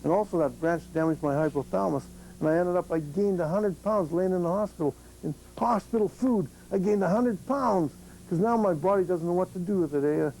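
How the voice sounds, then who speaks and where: Gravelly man telling his story. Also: high-pitched, a little fast, a little hiss or hum, rough recording. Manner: animated storyteller, salty, laughs often. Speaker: accident survivor speaking to students. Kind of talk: personal story told to a group.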